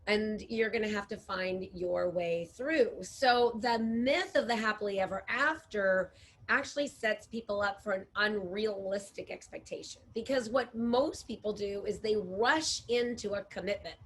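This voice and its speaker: A woman relationship coach co-hosting a casual chat, animated and quick to laugh. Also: mid-range voice. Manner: animated, laughs often, acts out clients' voices. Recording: faint background noise.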